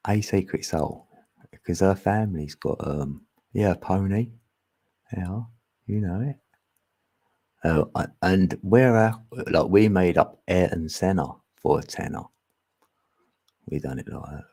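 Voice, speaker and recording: Gravelly, low-voiced Cockney man. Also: unhurried, pauses often, a little mellow. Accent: Cockney, East London. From England. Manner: chatty, chuckling, reads chat aloud. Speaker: livestream host. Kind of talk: casual livestream chat.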